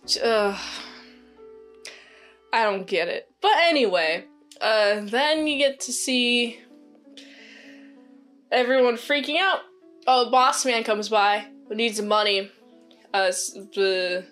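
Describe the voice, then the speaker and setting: A woman's voice: fairly high pitch, animated, takes it slowly, pauses often, a bit bright, faint music behind. A woman casually recapping a movie as a reviewer, rambling, cutting herself off and giggling. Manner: rambling, self-interrupting, giggly.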